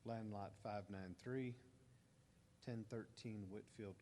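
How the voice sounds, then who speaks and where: A man's voice: lowish voice, steady tone, slow, dark tone, slight background noise. A man on a public board stating motions in a plain, matter-of-fact recitation of setbacks and addresses. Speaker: board member. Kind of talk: reading motions aloud. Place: community center gym.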